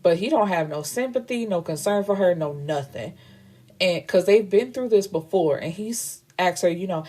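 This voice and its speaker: A woman's voice: on the low side, animated, normal speed, dark tone. A woman hosting a book show, recapping a novel's plot in a casual, frank and slangy way. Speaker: book reviewer host.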